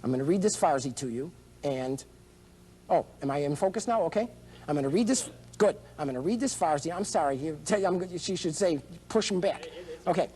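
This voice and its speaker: High-voiced rambling male candidate. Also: animated, a little fast, dark tone, a little hiss or hum. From United States. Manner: rambling, digressive, eccentric showman. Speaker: presidential candidate. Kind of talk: rambling campaign speech.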